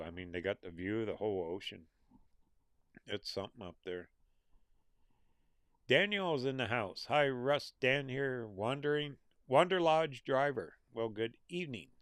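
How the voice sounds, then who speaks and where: A man's voice: fairly low pitch, no room sound, clean studio sound. A middle-aged American man hosting a casual livestream, reading out viewer names and comments in an easygoing, folksy way. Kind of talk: casual live chat.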